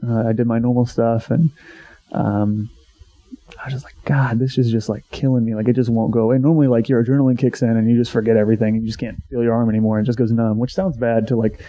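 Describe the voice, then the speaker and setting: A man's voice: medium pitch, little pitch movement, quick pace, mellow. A young man telling a long story in a casual, rambling podcast chat, full of swearing and filler words. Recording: dull lo-fi sound.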